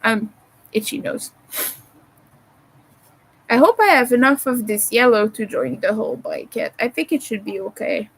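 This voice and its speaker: A woman's voice: on the high side, animated, moderate pace, vocal fry, long pauses, slightly rough, poor audio. A woman from Montreal with a Montreal English accent, hosting a casual crochet livestream from home, rambling and thinking aloud as she works. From Montreal, Canada. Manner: rambling, chatty, thinks aloud while crafting.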